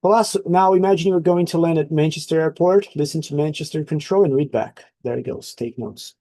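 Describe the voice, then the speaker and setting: Guy teaching aviation english on a video call, mellow voice, dry, keeps checking yeah?. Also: a little high, a little fast, no room sound. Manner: explaining, coaching, frequent checks. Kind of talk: online group class.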